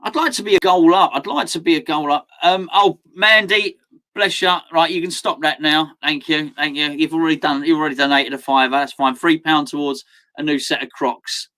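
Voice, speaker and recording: A man's voice: a little high, steady tone, fairly quick, bright, forceful tone. A man hosting a football watchalong live stream, chatting casually with viewers, reading out their messages and laughing often. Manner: chatty, reads out chat, laughs often, sudden outbursts. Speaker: watchalong host.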